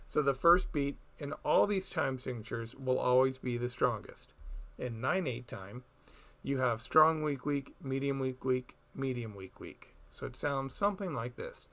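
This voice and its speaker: A man teaching a recorded music theory lesson, explaining slowly and chanting beat patterns aloud. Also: medium pitch, lively intonation, gravelly, fairly bright tone, a little hiss or hum.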